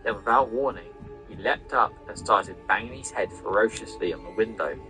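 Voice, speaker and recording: A man reading a novel aloud in steady storybook narration. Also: fairly low pitch, moderate pace, soft background music, poor audio. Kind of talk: casual read-aloud narration over gameplay.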